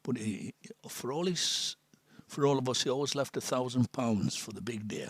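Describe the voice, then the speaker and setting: Husky and old, this North East English man from Sunderland is in his seventies and appears as a guest, a missionary priest. His mid-range voice moves at normal speed on a dry recording as he chats and tells stories casually, laughing often and sinking to a near whisper for serious points.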